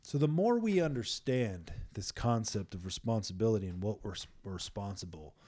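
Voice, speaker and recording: A man in a casual faith conversation, animated, sometimes dropping into whispers. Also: on the low side, moderate pace. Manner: animated, acts out quotes with sudden whispers.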